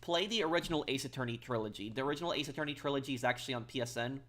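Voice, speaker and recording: Halting male streamer reading chat. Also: medium pitch, fairly bright tone. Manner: halting, repeats words, reads chat aloud. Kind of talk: casual live-stream chat.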